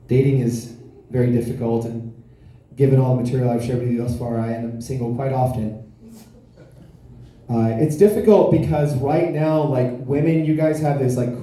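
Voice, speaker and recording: A man from South Florida performing a deadpan, self-deprecating stand-up comedy set on a club stage into a handheld mic. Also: mid-range voice. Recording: echoey club room.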